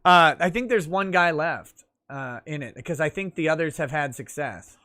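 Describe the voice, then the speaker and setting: A man's voice: on the high side, normal speed, pushed and bright. A man hosting a casual livestream talk show, wry and easygoing, often chuckling. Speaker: host.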